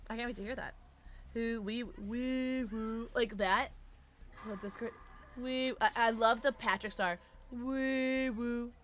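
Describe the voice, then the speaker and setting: A woman's voice: on the high side, a bit bright. A young woman streaming a game, chatting casually and giggly with her viewers. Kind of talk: casual gaming stream chat.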